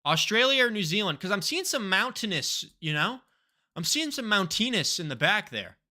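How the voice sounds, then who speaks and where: A man's voice: high voice, sing-song, moderate pace, pushed and bright. A male streamer casually commenting on a game live, swearing and thinking aloud.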